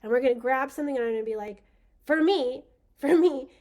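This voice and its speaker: A woman with a high, slightly mellow voice talks quickly while hosting a spiritual workshop. Her casual teaching is enthusiastic and rambling, packed with fillers.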